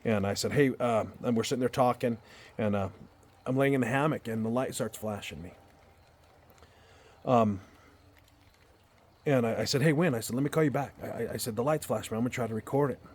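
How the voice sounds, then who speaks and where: His mid-range voice is a little mellow and brisk, broken by long pauses, as this storyteller vlogger shares a personal story in a backyard at night. The delivery is casual and sincere, rambling, with frequent repeats and restarts.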